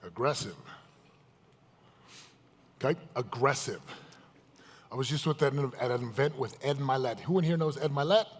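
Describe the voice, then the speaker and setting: Speaking at a normal speed with long pauses, a medium-pitched motivational speaker addresses a live seminar crowd. His emphatic talk keeps putting questions to the audience, recorded live in a large, echoey event hall.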